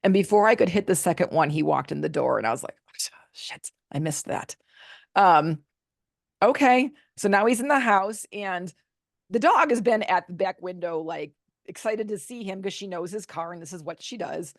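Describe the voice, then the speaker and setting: Here an author, a woman guesting on a podcast, gives a candid, animated account of something personal, performing the quotes as she retells it. Her voice sits on the low side with vocal fry and a fairly quick pace, recorded in studio quality without echo.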